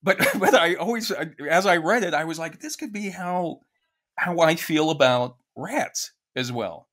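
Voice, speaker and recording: A man co-hosting a podcast in casual chat, talking in halting phrases full of restarts. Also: a little high, expressive, fairly bright tone. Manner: halting, restarts phrases, reads poetry aloud. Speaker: podcast co-host.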